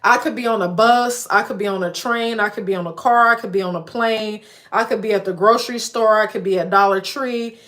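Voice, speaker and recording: A woman in her late thirties rants on a casual livestream, speaking bluntly and emphatically to her audience and repeating lists to hammer home her point. Her mid-range, slightly bright voice moves fairly quickly with hardly any pauses.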